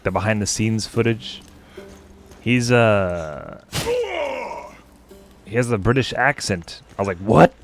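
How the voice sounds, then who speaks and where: A man's voice: lowish voice, fairly bright tone. A man streaming a co-op game, chatting casually and rambling to his co-player while he plays. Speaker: gaming streamer. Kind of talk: casual gameplay commentary.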